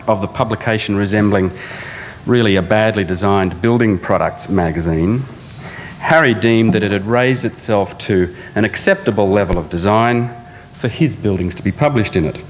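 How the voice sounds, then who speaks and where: A middle-aged man, an architect, introducing a speaker with dry, anecdotal stories, now and then putting on an accent. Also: on the low side. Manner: dry storytelling with occasional accent impressions. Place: large lecture theatre. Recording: long reverb in a large lecture hall, faint hum.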